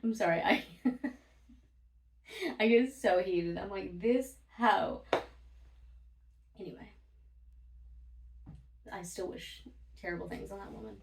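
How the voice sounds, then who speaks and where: A woman's voice: medium pitch, measured pace, gravelly, long pauses, darkish tone, a little hiss or hum. A woman vlogger telling casual stories, blunt and profane, laughing often as she talks. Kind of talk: casual storytime monologue. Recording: roomy, from a distance.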